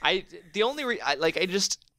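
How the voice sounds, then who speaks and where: A man's voice: sits high, sing-song, brisk, pushed and bright, no echo, studio quality. A young man hosting a casual podcast, joking and rambling with lots of fillers. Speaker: podcast host. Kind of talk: casual chat.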